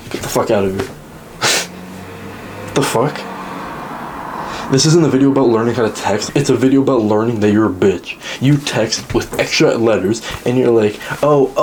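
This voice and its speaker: A young man ranting straight to the camera in a mocking, crude, lecturing way, putting on high whiny voices when he quotes others. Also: darkish tone, slight background noise. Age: young adult. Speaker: social media commentator. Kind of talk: direct-to-camera rant.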